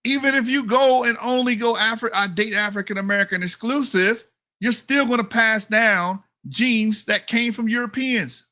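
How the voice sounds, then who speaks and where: A man's voice: extremely high pitch, moderate pace, pushed and bright, dry recording, clean studio sound. A man hosting a channel, giving blunt, mocking and profane commentary as he reacts to results on screen. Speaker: channel host.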